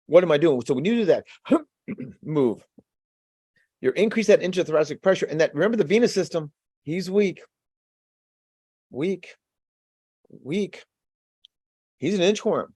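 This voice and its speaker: A man giving a lively webinar lecture as an exam prep instructor, repeating key phrases and drawing his audience into call-and-response. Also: on the high side, a little fast, pauses often, dry recording, clean studio sound. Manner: energetic, call-and-response teaching.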